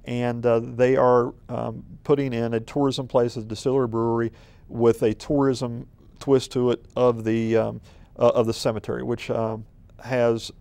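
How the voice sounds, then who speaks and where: Mellow-voiced city manager rambling. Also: male voice, medium pitch, vocal fry, no echo. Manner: rambling, filler-heavy, folksy storytelling. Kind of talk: conversational interview.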